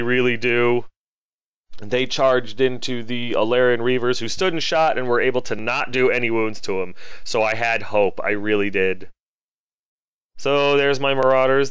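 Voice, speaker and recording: A man talks through a tabletop battle turn by turn, chatty and self-deprecating, then breaks into comic exasperated rants. His voice is smooth and clear. It is close-miked in a dry space with a slightly dull, lo-fi sound. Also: mid-range voice, fairly bright tone, dry recording. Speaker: wargaming battle report narrator. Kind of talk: casual battle report voice-over.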